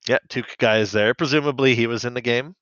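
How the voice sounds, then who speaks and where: A man's voice: mid-range voice, brisk, a bit bright, dry recording. Laughing man on a dull lo-fi mic. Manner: laughs often, rambling with restarts. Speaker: podcast host recapping a cartoon. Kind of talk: casual chat.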